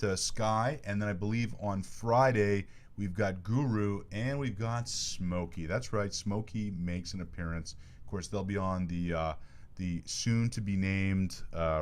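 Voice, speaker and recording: Male podcast host, low-ish voice, chatty and joking, casual studio sports talk. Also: measured pace. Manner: jokey, chatty, animated plugs.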